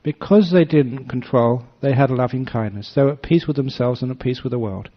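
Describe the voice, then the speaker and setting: An older man, a Buddhist monk, giving a dharma talk that is full of storytelling, acting out voices with gentle humor. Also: mid-range voice, a little fast. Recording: slightly dull lo-fi recording.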